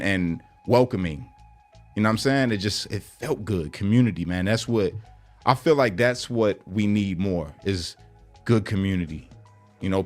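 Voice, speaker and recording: A man with a fairly low voice speaks in an earnest, conversational way, loose with slang and easy fillers. Faint music plays under his casual vlog talk. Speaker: vlogger. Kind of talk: casual reflective monologue.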